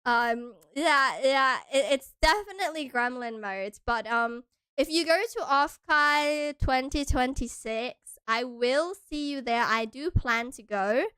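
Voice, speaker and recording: A young woman from Hawaii chats with her stream in a bubbly, giggly way that keeps tipping into squeals. Her voice sits high and sparkles with a bright, forward tone. The recording is dry and close, with no room sound. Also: unhurried, clean tone, no room sound. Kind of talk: casual stream chat.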